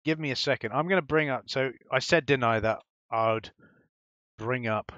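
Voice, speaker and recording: A man's voice: medium pitch, moderate pace, a bit bright, no room sound, lo-fi sound. A man giving rambling, casual commentary over a game, swearing now and then. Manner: rambling, swearing, chatty asides. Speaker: gameplay commentator.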